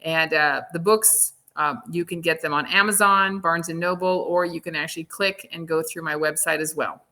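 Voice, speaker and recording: A woman's voice: low voice, fairly even intonation, normal speed, few pauses, sharp tone. A middle-aged woman who is a guest on a podcast, talking in an upbeat and friendly way. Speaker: guest, body language expert. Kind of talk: casual interview chat.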